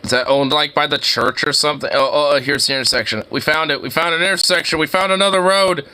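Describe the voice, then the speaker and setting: A man giving casual, excitable commentary while browsing street view, slangy and laughing often. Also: a little high, quick pace, clean tone. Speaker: streamer.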